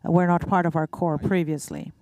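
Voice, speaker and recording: Measured woman on a panel. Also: on the low side, steady tone, darkish tone, no echo. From Uruguay. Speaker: banking panelist. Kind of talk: panel discussion answer.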